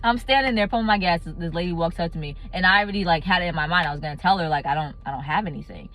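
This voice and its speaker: A young adult woman telling a casual storytime vlog, animated and laughing often. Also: lowish voice, very fast, slight background noise. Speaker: vlogger.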